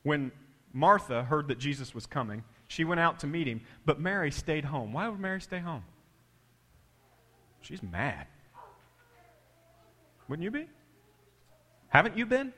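A man preaching a sermon with big swings in loudness and pitch, dropping to a hush for quoted words. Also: big pitch swings, a little slow, long pauses, in a large hall. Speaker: pastor.

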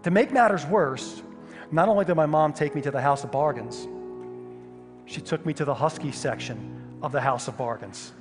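Male pastor, lively comic storytelling sermon, reverberant hall, faint music behind. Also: on the high side, moderate pace. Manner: animated, humorous storytelling with sudden loud outbursts.

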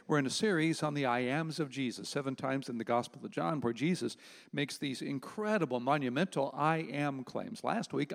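A man preaching a sermon, emphatic, with dramatic pauses on key words. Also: mid-range voice, creaky, big-room sound. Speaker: pastor.

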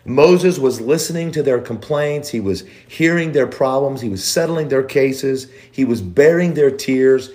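Male preacher, very slow and emphatic, stacks repeated phrases, middle voice. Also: medium pitch, a little mellow. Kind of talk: sermon.

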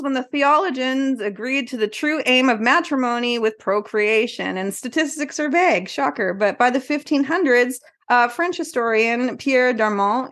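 Woman co-host, bright higher pitch, casual and jokey, laughs through her reading. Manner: laughing, loose and wisecracking while reading notes. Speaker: podcast co-host. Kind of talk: casual podcast chat.

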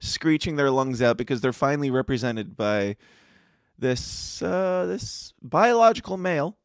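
A man's voice: medium pitch, expressive, unhurried, no room sound, studio quality. A man co-hosting a casual news podcast, rambling and hesitant, laughing often. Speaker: podcast co-host. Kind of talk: casual news commentary chat.

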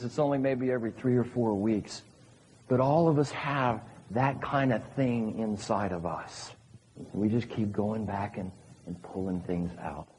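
A man's voice: mid-range voice, darkish tone, slight background noise. A male pastor giving a sermon at a church service in a conversational way, asking his listeners questions. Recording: long reverb of a large hall.

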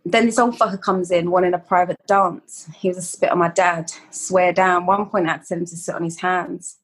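A woman's voice: on the low side, steady tone, fairly quick, slightly rough. A woman, a poet guest reading her work in a blunt, slangy voice and then chatting casually. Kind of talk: poetry reading and casual chat.

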